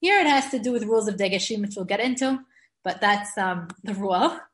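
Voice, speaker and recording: A woman gives a grammar class in a friendly, easygoing way, often laughing at herself as she explains. Her voice sits at an ordinary middle pitch for a woman. The room around her is echoey. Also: expressive, brisk, a bit bright. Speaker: Hebrew grammar teacher. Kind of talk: class lecture.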